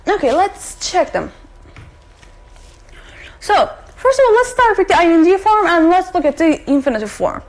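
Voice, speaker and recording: High-voiced woman teaching English grammar. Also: sing-song, low-quality recording. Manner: explains slowly, repeating examples and checking with "okay?". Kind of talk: recorded distance-learning grammar lesson.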